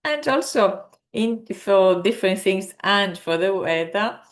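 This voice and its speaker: A woman teaches an online language lesson at a very unhurried pace. She hesitates often, filling gaps with small sounds, then lands carefully on each word she pronounces. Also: medium pitch, expressive. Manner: slow, hesitant, many fillers, carefully pronounces Italian words. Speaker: Italian teacher.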